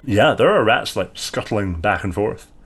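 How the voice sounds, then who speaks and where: A man's voice: fairly low pitch, lively intonation, a little slow, a bit bright, slightly rough. A man running a tabletop role-playing game as game master, describing scenes in a loose, hesitant way. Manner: loose, hesitant narration with many fillers. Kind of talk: improvised tabletop narration.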